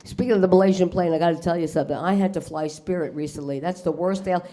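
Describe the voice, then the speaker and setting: A woman's voice: fairly low pitch, steady tone, fast, dark tone. Brash New woman doing stand-up. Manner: brash, swears, acts out characters in punchlines. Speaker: stand-up comedian. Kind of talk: stand-up comedy set. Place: comedy club stage before a live audience.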